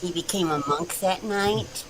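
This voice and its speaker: A woman telling an animated, chatty anecdote with dry asides. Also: fairly low pitch, unhurried, a little hiss or hum, rough recording. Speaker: storyteller. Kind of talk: casual chat.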